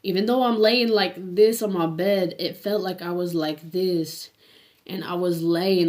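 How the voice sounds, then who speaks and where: A woman tells her personal faith story in a casual, earnest way, reading from her journal as she goes. Her voice sits a little low, and her speech is halting, full of restarts and fillers. At moments she drops to a hush. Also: steady tone. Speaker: vlogger sharing her faith testimony.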